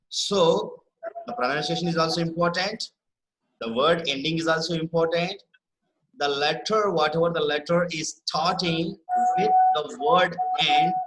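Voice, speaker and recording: A man from India teaches an online spelling lesson in a slightly high voice against a noisy background. He explains the rules patiently, often checks in with "right?" and repeats key words slowly.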